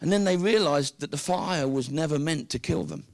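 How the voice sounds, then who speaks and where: Animated British preacher with a dry close sound. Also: male voice, fairly high pitch, moderate pace, creaky, no room sound. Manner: animated storytelling, acting out the characters. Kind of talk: sermon.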